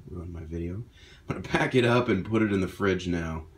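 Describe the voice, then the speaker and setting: A man, a doctor, talks through meal prep on a home kitchen vlog, cheerful and self-deprecating. His voice sits low and moves fairly quickly. Pans sizzle behind him on a low-quality recording with a little hiss or hum.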